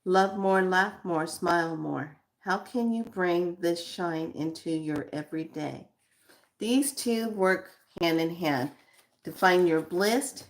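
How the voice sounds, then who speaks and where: Woman, spiritual guide, card reading, journal prompts, very slow, reflective, repeats questions. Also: fairly low pitch.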